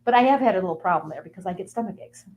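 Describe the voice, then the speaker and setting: A woman's voice: medium pitch, lively intonation, rapid-fire, a little mellow, slight background noise. A woman guest delivering a playful, rambling comic monologue in character, with sing-song asides.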